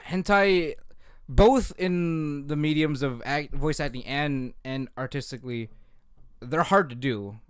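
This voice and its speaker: A man's voice: a little high, a little slow, clear, resonant tone, no room sound, studio quality. A man co-hosting a podcast in casual chat, playful and rambling, often repeating words. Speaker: podcast co-host.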